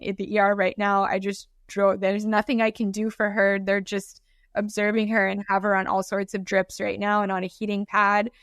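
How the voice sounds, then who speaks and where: A woman co-hosting a podcast remotely, talking in a halting, candid, emotional way. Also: mid-range voice, no echo, clean studio sound. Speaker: podcast co-host. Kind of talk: casual chat.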